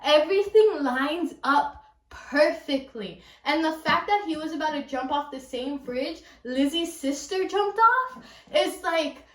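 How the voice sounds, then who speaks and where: A high-pitched young woman with a Californian accent rambles excitedly through a book review, full of "like" and "um". She sits a little back from the camera mic, and the room around her is echoey. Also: recorded from a distance. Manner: gushing, rambling, lots of "like" and "um". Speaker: book vlogger. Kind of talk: casual book review chat.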